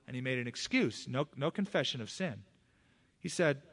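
A man's voice: medium pitch, sing-song, normal speed, a bit bright, slightly rough. Emphatic middle-aged male pastor preaching. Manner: emphatic preaching with sudden rises. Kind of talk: sermon.

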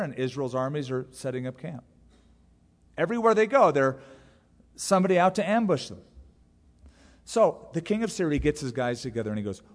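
A man of middle pitch preaches from the pulpit, taking the congregation through the story with lively asides and quick voices for each character. His voice carries a long reverb, as though it fills a large church sanctuary. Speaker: pastor. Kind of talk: sermon.

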